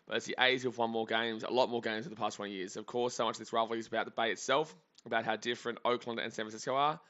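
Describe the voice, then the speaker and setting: A man rambles cheerfully through live baseball reactions, joking with his viewers. His voice is bright and forceful, at a middle pitch. The audio is slightly dull and lo-fi. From Australia. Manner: chatty, rambling, jokey. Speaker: sports streamer. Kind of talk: live game reaction commentary.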